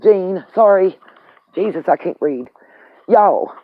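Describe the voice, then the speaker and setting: A woman's voice: on the low side, animated, slow, dry recording. A woman hosting a live stream, ranting angrily with heated, profane slang while on the road. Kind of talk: angry live stream rant. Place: in a vehicle on the road. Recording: tinny phone-like audio.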